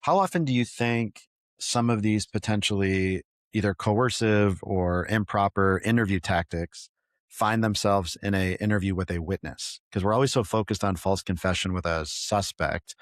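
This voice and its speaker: A man's voice: low-pitched, dry recording, studio quality. A man hosting a podcast interview, asking long, thoughtful questions with frequent restarts. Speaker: podcast host.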